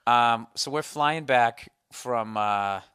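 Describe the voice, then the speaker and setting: A man's voice: mid-range voice, slow pace. A man hosting a casual comedy podcast, ranting and telling stories with lots of swearing. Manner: profane, ranting, animated storyteller. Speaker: podcast host.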